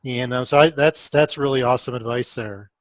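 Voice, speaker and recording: A man's voice: medium pitch, fairly even intonation, fairly quick, no echo. A man hosting an interview, chatting in a friendly, easygoing way with fillers. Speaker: host. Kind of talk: casual interview talk.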